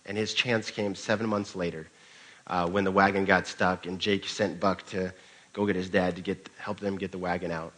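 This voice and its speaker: Deep-voiced man preaching a sermon. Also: flat delivery, normal speed, fairly bright tone, poor audio. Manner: conversational storytelling with occasional restarts. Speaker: pastor.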